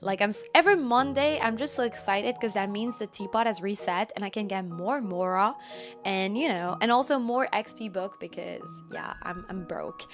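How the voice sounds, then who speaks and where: A woman's voice: mid-range voice, normal speed. A woman game streamer chatting live with her viewers, bubbly and effusive as she greets them. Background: background music.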